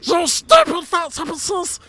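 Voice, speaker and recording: Gollum, hissing and spiteful. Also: male voice, extremely high pitch, very animated, slow, pushed and bright, heavily acted. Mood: spiteful rant. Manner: screeching, lisping plurals, ranting.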